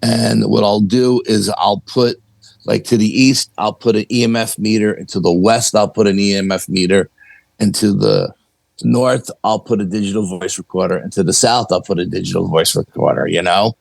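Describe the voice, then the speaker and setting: Gravelly low-voiced man telling a story. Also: fairly even intonation, moderate pace, no room sound, low-quality recording. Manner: chatty anecdotal telling, acts out quoted dialogue, frequent "you know". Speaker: paranormal investigator, podcast guest. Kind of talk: casual storytelling.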